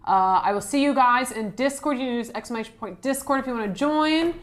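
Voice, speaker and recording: A woman's voice: on the high side, a little fast. A woman hosting a live stream, signing off to her chat in a loose, upbeat way with many fillers. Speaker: streamer host. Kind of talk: casual stream sign-off chat.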